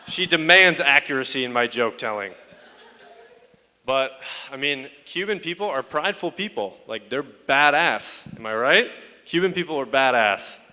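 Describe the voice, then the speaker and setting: Bright-voiced crude young comedian. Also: male voice, mid-range voice. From United States. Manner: crude, self-mocking banter with frequent swearing. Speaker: stand-up comedian. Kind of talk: stand-up comedy set. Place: comedy stage. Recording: echoey hall.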